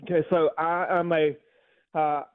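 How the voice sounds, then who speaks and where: Male caller, earnest and rambling, slightly high voice, tinny phone line. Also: flat delivery, clear, resonant tone, no room sound. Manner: earnest, a bit rambling, pauses often. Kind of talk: phone-in question.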